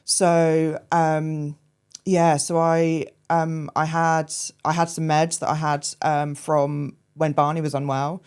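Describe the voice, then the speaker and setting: A woman, a podcast guest telling her personal story frankly, hesitant and full of fillers, with dark humour. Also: low voice, little pitch movement, slow pace, clean tone.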